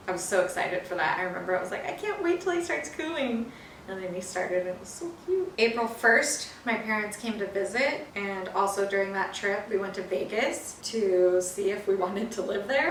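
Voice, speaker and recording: A young woman from California chatting about her life in a casual video diary, telling her story with animated energy. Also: medium pitch. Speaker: vlogger. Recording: roomy, from a distance, faint hiss.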